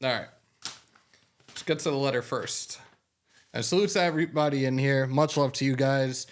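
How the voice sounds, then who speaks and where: A man's voice: mid-range voice, moderate pace. A man hosting a fan sports show on a live stream, chatting loosely with swearing and then reading a news rundown. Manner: loose and profane, openly moved by a fan's gift. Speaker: sports podcast host.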